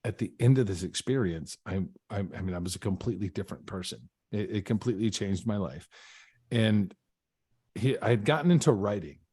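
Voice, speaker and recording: Brief: low-pitched man, earnest guest storytelling, dry close sound. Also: fairly quick, darkish tone, slightly rough, dry recording. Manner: earnest, reflective, with repeated restarts. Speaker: podcast guest. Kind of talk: casual storytelling.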